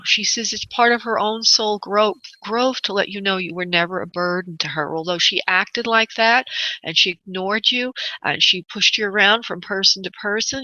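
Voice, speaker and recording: Bright-voiced woman psychic host, dry. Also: medium pitch, no room sound, highs cut off. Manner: gentle, halting, soothing. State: choked up. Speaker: psychic medium radio host. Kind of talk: live psychic reading on radio.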